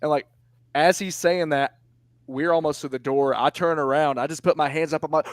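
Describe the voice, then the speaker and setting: Young male commentator spinning an animated anecdote; a bit high-pitched, recorded dry and close. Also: moderate pace, dry recording. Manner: animated storyteller, acts out quotes, laughs often. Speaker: indie wrestling commentator. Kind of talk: casual podcast chat, storytelling.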